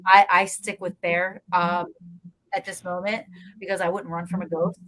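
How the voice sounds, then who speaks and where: A woman's voice: on the low side, moderate pace, rough recording. A woman telling a ghost-hunting story in casual chat, acting out the voices of everyone in it. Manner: animated, acts out voices in her story. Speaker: guest paranormal investigator.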